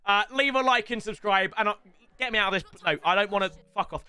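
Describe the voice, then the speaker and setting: A young man giving excitable gaming commentary, animated, swearing and yelling at the game. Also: sits high, quick pace, clear, resonant tone. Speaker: gaming YouTuber.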